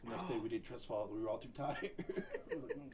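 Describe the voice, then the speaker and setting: A man's voice: mid-range voice, animated, a little fast, heavy background noise. A young adult man co-hosting a podcast, telling rambling stories with lots of fillers and frequent laughter. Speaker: podcast co-host. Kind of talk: casual chat.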